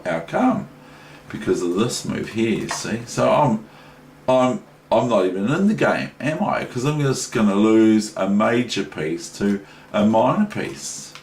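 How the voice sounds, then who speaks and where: A man from New Zealand walks through a chess game in a casual, chatty lesson, his rambling often broken by asides. His voice is lowish with a darkish tone. The recording has room echo and faint noise.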